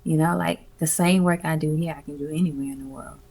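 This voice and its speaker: A woman talking about her music events in a casual, expressive interview, slangy and swearing freely. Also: low voice, fast talker, creaky, husky. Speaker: music event curator, guest.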